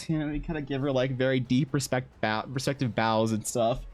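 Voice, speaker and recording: A man's voice: medium pitch, fairly even intonation, fairly quick, soft background music. A young man streaming, telling rambling stories in casual chat with lots of restarts and swearing.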